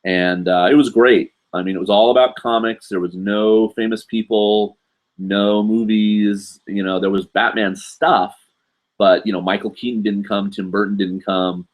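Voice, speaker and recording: A man's voice: lowish voice, steady tone, a little slow. A man in his forties from the United States, hosting a live show and chatting in a rambling way, with lots of fillers and asides. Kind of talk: casual live stream chat.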